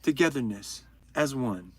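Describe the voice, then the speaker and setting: A man's voice: medium pitch, lively intonation, measured pace, husky, no echo. A young man hosting a livestream, chatting casually and joking while reading out viewers' names. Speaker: livestream host.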